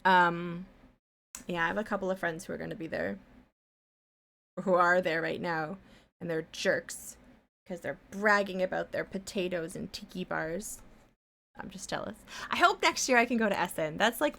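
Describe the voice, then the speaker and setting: A woman's voice: fairly low pitch, moderate pace, creaky, a bit bright. A woman live-streaming her art, chatting casually and rambling, with some casual swearing and humming to herself as she draws. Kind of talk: casual chat while drawing on stream.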